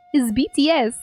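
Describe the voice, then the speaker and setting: High-voiced chatty woman streamer. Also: darkish tone. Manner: chatty, reads chat messages aloud, laughs often. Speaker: livestreamer. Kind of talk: casual chat with stream viewers.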